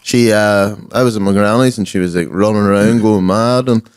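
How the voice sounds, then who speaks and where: A man's voice: lowish voice, steady tone, fairly quick, clean tone. A young man, co-hosting a casual comedy chat, telling stories and laughing often. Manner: laid-back storytelling, laughs often. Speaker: podcast co-host.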